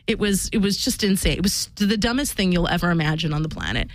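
A woman's voice: fairly low pitch, fast talker, no room sound. A woman in casual chat, telling frank stories, laughing often and swearing freely.

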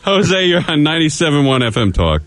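A man's voice: fairly high pitch, very animated, brisk, fairly bright tone, faint music behind. A man hosting a call-in radio talk show, joking loosely and laughing often. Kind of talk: casual call-in radio banter.

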